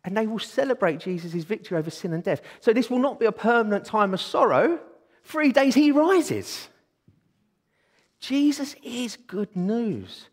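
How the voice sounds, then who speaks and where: A man preaching a sermon in a church, excitable and eager. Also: high voice, normal speed. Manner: excitable, bursts into exclaiming. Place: church hall. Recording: long hall reverb.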